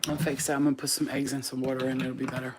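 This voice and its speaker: A woman giving a casual spiritual pep talk to her viewers as a reader, blunt, profane and animated. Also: extremely low pitch, rapid-fire, very noisy.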